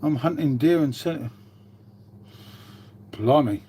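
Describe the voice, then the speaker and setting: A man's voice: on the high side, moderate pace, darkish tone. A British man hosting a casual livestream, chatting and swearing freely while greeting and answering viewers. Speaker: livestream host. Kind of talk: casual live-stream chat.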